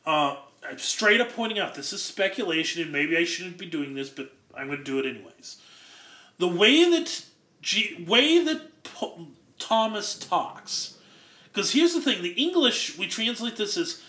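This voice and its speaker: High, bright-voiced man preaching. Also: big pitch swings, a little slow, echoey room. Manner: earnest, explains Greek word by word. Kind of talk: expository sermon.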